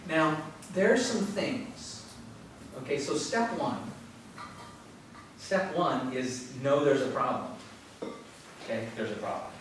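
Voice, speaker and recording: A man giving a relaxed, conversational spiritual talk to a yoga class, telling stories and chuckling often. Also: medium pitch, slow, long pauses. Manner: conversational, storytelling with frequent chuckles. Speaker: teacher. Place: yoga studio. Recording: very echoey room from far off, faint noise.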